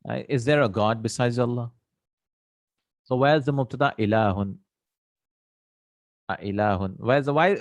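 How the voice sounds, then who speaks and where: A man's voice: lowish voice, steady tone, a little slow, long pauses, dry recording, studio quality. Man teaching Arabic grammar in English. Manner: explains step by step, asks and answers his own questions, many tag questions. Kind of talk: live online grammar lesson.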